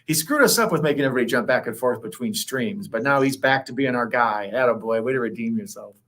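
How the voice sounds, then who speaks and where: A man co-hosting a casual livestream, reading viewers' comments aloud and riffing on them. His voice sits at a middle pitch and often leaps up when he jokes. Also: lively intonation, a bit bright. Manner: jokey, reads comments aloud, quick laughs and pitch jumps. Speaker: co-host reading live chat.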